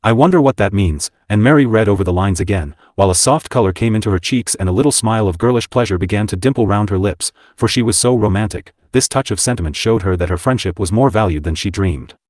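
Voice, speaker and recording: A man narrating a classic novel as an audiobook, in even, unhurried storytelling. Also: lowish voice, no room sound, clean studio sound.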